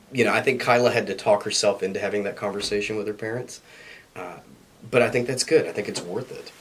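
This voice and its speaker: A middle-aged man, a little sick and hoarse, with a low, husky voice. He answers interview questions in an earnest, reflective way, with a dry, self-deprecating edge. The voice sits on the deeper side and has a rough, breathy grain. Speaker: university staff interviewee. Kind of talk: recorded interview.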